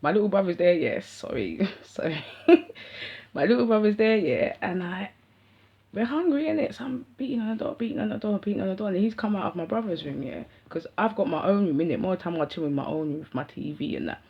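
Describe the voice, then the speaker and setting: Husky London woman telling stories. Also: medium pitch, brisk. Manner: slangy, animated, rambling. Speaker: vlogger. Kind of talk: casual storytelling to camera. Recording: dull lo-fi sound.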